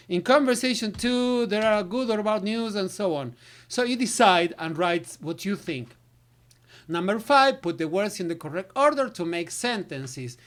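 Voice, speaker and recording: A woman, an English teacher talking through textbook exercises, filling gaps with nonsense syllables. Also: mid-range voice. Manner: filler syllables, switches to Spanish. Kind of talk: recorded lesson walkthrough.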